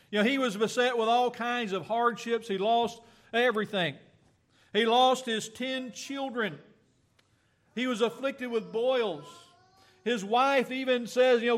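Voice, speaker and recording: A man preaching a sermon, reading scripture aloud in a slow, earnest way with fillers and small self-corrections. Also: very high voice, fairly bright tone.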